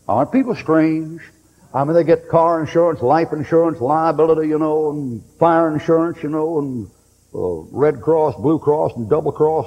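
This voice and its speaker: A man preaching a fiery sermon, blunt and joking, breaking into sudden shouts. His voice sits fairly high for a man. The old recording is dull and faint with hiss, set in a hall with a long echo. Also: husky.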